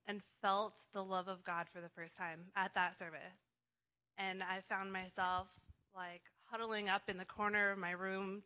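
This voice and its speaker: A young woman with a bright, clear tone gives a personal testimony at a church gathering. She talks earnestly and rambles a little, with frequent fillers. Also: mid-range voice. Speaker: congregation member sharing testimony.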